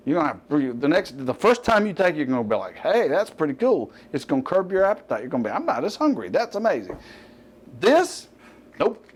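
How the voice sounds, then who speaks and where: A middle-aged Southern man hosts a fitness show in loose, unscripted talk. His voice sits a little high for a man. He rambles, cuts himself off and drops joking asides. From US Gulf Coast.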